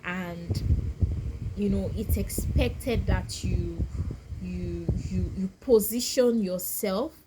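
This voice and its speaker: A woman talking to her viewers as a vlogger, soft-spoken and thoughtful, pausing and restarting as she reflects. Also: medium pitch, noisy background. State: getting teary and emotional. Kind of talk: casual reflective talk to camera.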